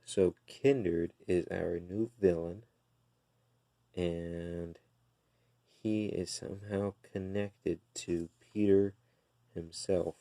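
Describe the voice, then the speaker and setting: A man casually retelling the plot of a comic book issue, relaxed and full of fillers and restarts. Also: low-pitched, drawn-out words, long pauses, dry recording, clean studio sound.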